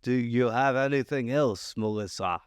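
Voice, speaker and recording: A man's voice: mid-range voice, moderate pace, clear, resonant tone, no room sound, studio quality. A man hosting a podcast in casual chat, joking and playful. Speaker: podcast host.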